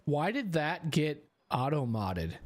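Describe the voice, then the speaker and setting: A man's voice: a little high, very animated, slow. A man streaming a video game, chatting and teasing in a joking, casual way.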